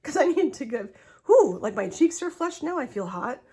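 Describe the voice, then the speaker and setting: A middle-aged woman talking casually into her phone at home, chatty and often laughing, with quick restarts. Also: high voice, sing-song, mellow. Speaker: vlogger. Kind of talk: casual personal vlog. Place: home, indoors.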